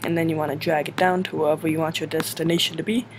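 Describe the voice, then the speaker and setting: A man's voice: fairly high pitch, level tone, rapid-fire. A young man casually narrating a game level editor tutorial, rambling and filling gaps with "like.". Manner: rambling, heavy use of "like", self-correcting. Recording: noisy home mic recording.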